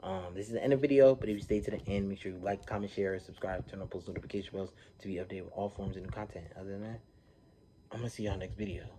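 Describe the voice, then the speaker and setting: Slangy, animated man recapping TV. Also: low-pitched, racing, hardly any pauses, noisy background. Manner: animated, slangy storytelling with frequent "you feel me". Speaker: reality TV recap host. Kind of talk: casual episode recap.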